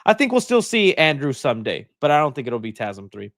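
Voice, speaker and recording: Animated man hosting a live chat. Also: medium pitch, brisk, dry recording, clean studio sound. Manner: animated, chatty, thinks out loud. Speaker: host. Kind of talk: live-stream chat, reading viewer questions.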